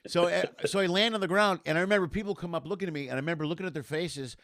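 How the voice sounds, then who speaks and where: A middle-aged man in casual chat, telling a story in an animated way and acting out the voices of the people in it. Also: high voice, quick pace, dry recording, studio quality. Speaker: comedian guest.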